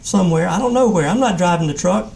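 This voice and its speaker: A jittery, pleading young schoolboy, as a male reader puts him on at a live reading. His voice rides high and anxious. The tone stays soft and mellow. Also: expressive, fast, vocal fry, slight background noise. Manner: pleading, rising voice.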